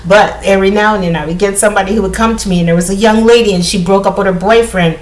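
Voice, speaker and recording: A woman's voice: mid-range voice, fairly even intonation, racing. A woman talking casually to her viewers, rambling with asides and laughs. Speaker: spiritual vlogger. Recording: echoey room.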